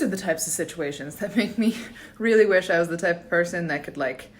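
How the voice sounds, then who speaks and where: Twenty-something woman ranting and swearing into her phone, lowish voice. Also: brisk. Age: 20s. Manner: profane, exasperated ranting. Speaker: vlogger. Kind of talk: casual selfie video chat.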